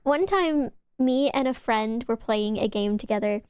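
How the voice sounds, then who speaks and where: A woman's voice: on the high side, a little slow, a little mellow, smooth, no room sound. A young woman streaming, chatting casually with her viewers in a giggly, teasing, rambling way.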